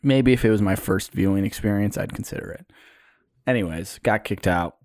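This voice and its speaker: A young man, co-hosting a podcast, telling stories in a casual, animated way. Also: fairly low pitch, a little fast, no echo, studio quality. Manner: storytelling, animated retelling with put-on quotes. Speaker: podcast co-host. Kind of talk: casual chat.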